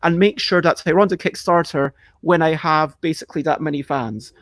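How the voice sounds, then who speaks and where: A man with a fairly high voice chats casually on his live stream. He rambles and cuts himself off, and now and then he acts out a panicked reaction. The sound is close and dry, with no room echo. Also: brisk, a bit bright. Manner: chatty, self-interrupting, acts out panicked reactions. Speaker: livestream host answering viewer questions.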